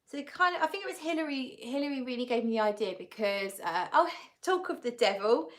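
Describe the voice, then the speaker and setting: A woman's voice: on the high side, lively intonation, brisk. A woman hosting a casual live-stream fragrance chat, greeting viewers and reading out their comments in an easygoing, chatty way. She sounds tired. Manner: frequent laughs and fillers, easygoing. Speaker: fragrance channel host.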